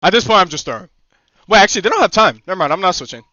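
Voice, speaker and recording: A young man streaming a game, chatting casually with teammates, excitable, swearing and laughing often. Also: high-pitched, very fast, dry recording. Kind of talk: casual gaming chat with teammates. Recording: slightly muffled dry stream mic.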